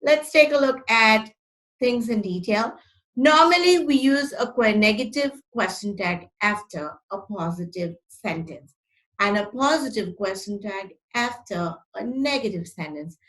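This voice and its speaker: A woman's voice: mid-range voice, lively intonation, measured pace, fairly bright tone, rough recording. A woman teaching an online English grammar lesson, who explains step by step, reads example sentences aloud and corrects her own slips.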